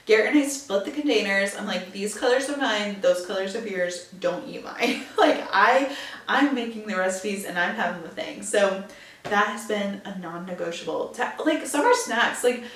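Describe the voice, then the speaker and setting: A woman's voice: medium pitch, expressive, normal speed, a bit bright. Young woman rambling on her podcast, lots of likes, kinda roomy and far from the mic. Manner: chatty, many "like"s and fillers. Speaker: podcast host. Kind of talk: casual solo podcast chat. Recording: echoey room, a bit off-mic.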